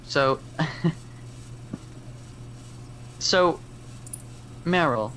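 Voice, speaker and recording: A man's voice: medium pitch, normal speed, sharp tone, slight background noise. A man playing an online tabletop game, hesitant and stumbling over his words as he describes what his character does. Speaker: player. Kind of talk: casual tabletop role-play.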